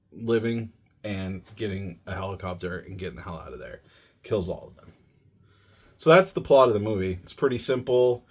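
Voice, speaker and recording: A man's voice: lowish voice, a bit bright. A man reviewing a movie on a podcast, summing up the plot in a loose, chatty way with lots of "you know" and "like". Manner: conversational, many "you know" and "like" fillers. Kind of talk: casual plot summary.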